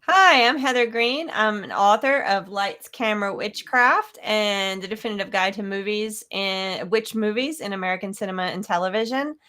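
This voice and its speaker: A woman co-hosting a casual panel chat over a video call, brisk, with small slips. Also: mid-range voice, sharp tone. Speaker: co-host, author.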